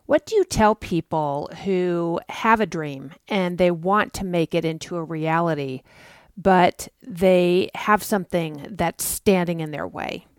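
Woman, podcast host, calm, encouraging, low voice, dry sound. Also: unhurried, clear, resonant tone, dry recording. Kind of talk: interview questions.

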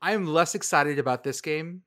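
A man hosts a casual podcast conversation. His voice sits a touch high, and he talks in a playful, deadpan way. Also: moderate pace. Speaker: podcast host. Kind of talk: casual chat.

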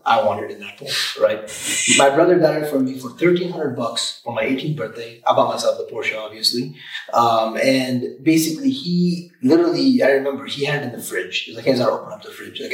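A man who owns an auto repair shop, talking in an energetic, emphatic way on a podcast and often repeating words. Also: mid-range voice, roomy sound, distant mic, low-quality recording. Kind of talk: casual podcast chat. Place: room, recording a podcast.

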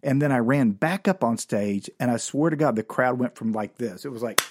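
A man's voice: mid-range voice, lively intonation, moderate pace, very noisy. A man hosting a podcast and telling his own comedy stories from memory, rambling and self-deprecating with lots of fillers. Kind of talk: comic storytelling from memory.

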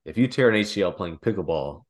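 A man's voice: sits low, animated, fast. A man co-hosting a casual comedic chat, rambling into long joking hypotheticals. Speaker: podcast co-host.

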